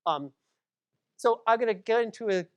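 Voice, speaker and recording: A woman's voice: on the high side, lively intonation, normal speed, a little mellow, clean tone. A woman from Massachusetts giving a public library lecture, conversational, with frequent ums and asides to the audience.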